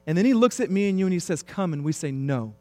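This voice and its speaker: A man in his thirties preaching a sermon, swinging between quiet, low stretches and loud, emphatic passages. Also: expressive, quick pace, no echo. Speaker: pastor.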